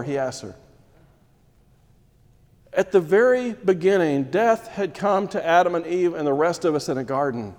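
A man's voice: sits high, lively intonation, measured pace, long pauses. Preaching man in a reverberant hall. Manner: expository preaching, voices Mary's distress, drops to hushed emphasis. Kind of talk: sermon.

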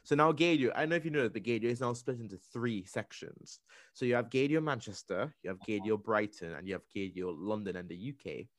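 A man's voice: fairly quick, dry recording, clean studio sound. A young man, a radio presenter and podcaster, chatting casually and acting out the voices of the people in his story. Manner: animated, acts out quoted voices with big pitch jumps.

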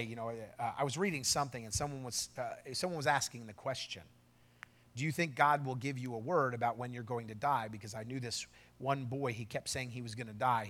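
A middle-aged man preaching a sermon as pastor, telling a story with swings from low asides to loud exclamations.

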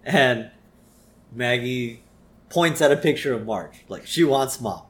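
A man's voice: medium pitch, animated, slow. Easygoing man narrating scenes with laughs. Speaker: podcast co-host. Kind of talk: casual episode recap chat.

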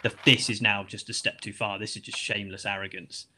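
Man, low voice, football chat host, probing, measured questions. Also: little pitch movement, pushed and bright, slight background noise. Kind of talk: casual football discussion.

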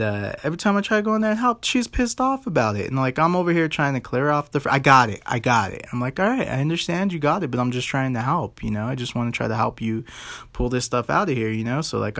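Profane, rambling male podcast host with a gravelly voice, recorded dry and close. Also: medium pitch, dry recording. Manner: rambling, profane, animated retelling. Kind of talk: casual storytelling podcast.

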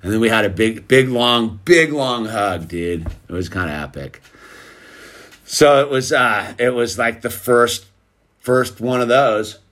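A man's voice: mid-range voice, lively intonation, measured pace, fairly bright tone. Rambling man telling a family story. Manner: rambling, peppered with dude and like. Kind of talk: casual storytelling to camera.

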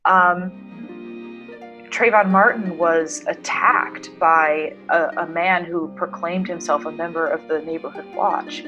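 A woman in her thirties, a doctoral student, telling a personal story in an interview in an earnest, measured way, pausing to choose her words. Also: lowish voice, fairly even intonation, pushed and bright, lo-fi sound, faint music behind.

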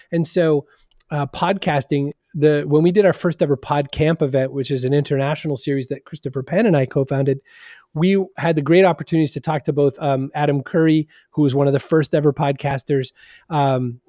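A middle-aged man from Maine, a guest in a podcast interview, telling animated stories and acting out quotes in lively voices. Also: on the high side, no room sound, studio quality. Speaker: podcast guest, marketing consultant. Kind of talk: conversational interview.

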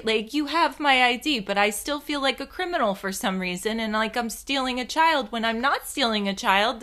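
A young woman with a bright, forceful, fairly high-pitched voice tells a story in a casual monologue. She's animated and self-mocking, swears freely, and keeps a sharp tone throughout.

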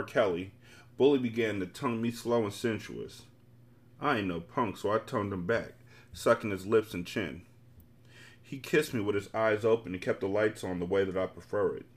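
A man hosting a podcast, reading a novel aloud in a casual, relaxed storytelling way. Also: lowish voice.

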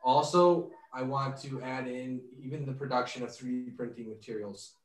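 A man's voice: mid-range voice, steady tone, moderate pace, echoey room, recorded from a distance. A man hosting a casual podcast, joking and laughing often. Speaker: podcast host.

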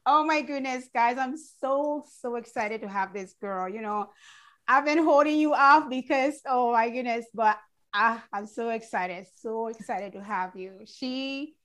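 This is an effusive woman hosting a casual chat show. Her voice sits a little high. She bubbles over with excitement and keeps repeating her praise. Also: unhurried. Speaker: show host.

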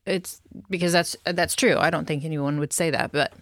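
Playful low-voiced woman co-host. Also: steady tone, moderate pace, very noisy. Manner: playful, self-mocking. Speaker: podcast co-host. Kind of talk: casual chat.

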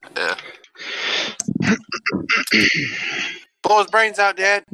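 A man's voice: high voice, big pitch swings, takes it slowly, sharp tone, clean tone, poor audio. A man playing a tabletop game, cracking jokes and egging the others on. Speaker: player.

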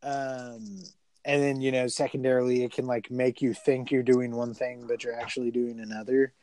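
A man's voice: medium pitch, level tone, normal speed, darkish tone, no room sound. Rambling, cussing man, dry close sound. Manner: rambling and profane, heavy filler words. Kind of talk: casual movie review chat.

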